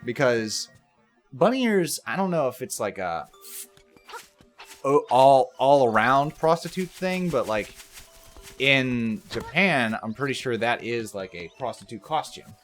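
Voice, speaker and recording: A man co-hosting a casual let's play, animated and quick to laugh as he chats. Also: mid-range voice, soft background music. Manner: animated, laughs often, slips into playful voices. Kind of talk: casual gameplay chat.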